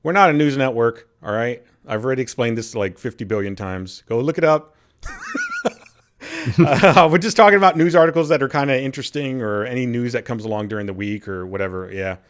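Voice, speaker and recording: A man's voice: medium pitch, fairly quick. A man co-hosting a casual gaming podcast, blunt and ranting, swearing freely. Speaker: podcast co-host. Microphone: desk microphone, live stream.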